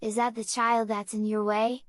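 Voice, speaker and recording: A woman reading aloud and voicing a tall, calm old male traveling showman with a foreign accent. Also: on the high side, normal speed, no room sound, studio quality, lightly acted. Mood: cool. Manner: calm, quietly shrewd.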